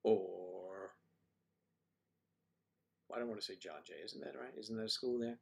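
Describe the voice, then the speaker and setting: An older man hosting a livestream, chatting casually and rambling, thinking aloud with frequent pauses. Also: fairly low pitch, vocal fry. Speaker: livestream host.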